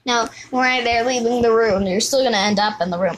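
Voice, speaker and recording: An excitable woman chatters through her gameplay, exclaiming and repeating phrases in a sing-song lilt. Her voice sits a little high, with a faint hiss of noise under it. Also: fairly quick, hardly any pauses, rough recording. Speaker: gaming video host. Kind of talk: live gameplay commentary.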